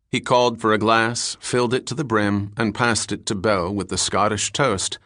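A man narrating a novel in a steady, descriptive storytelling manner. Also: fairly low pitch, moderate pace, few pauses, no room sound, studio quality. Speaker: audiobook narrator.

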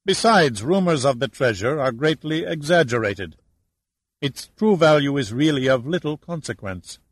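A man voicing a smooth, evasive official. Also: mid-range voice, normal speed, dry recording, voice pushed up, close to an everyday voice. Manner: calm and smooth, impervious.

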